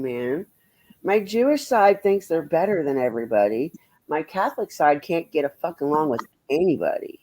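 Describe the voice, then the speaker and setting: A man's voice: on the high side, very animated, normal speed, a little mellow, rough recording. A man chatting bluntly with viewers on a livestream, rambling and swearing freely. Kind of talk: casual livestream chat answering viewers.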